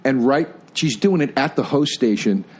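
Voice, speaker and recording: A man in his forties from the Philadelphia area, telling stories in casual, profane chat full of laughs and loud put-on voices. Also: mid-range voice, lively intonation, moderate pace. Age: 40s. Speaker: podcast co-host.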